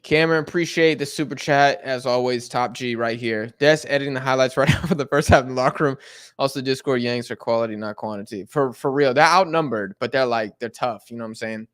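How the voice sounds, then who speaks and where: A man's voice: medium pitch, brisk. A young American man casually chatting on a live soccer watch-along stream, reading out viewer messages in a loose, slangy way. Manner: animated, slangy, reading chat aloud.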